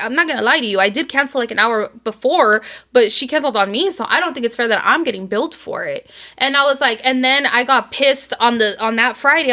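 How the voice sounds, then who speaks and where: A woman's voice: on the high side, bright, forceful tone. A young adult woman, co-host of a podcast, telling a story in casual chat with lots of quoting and swearing.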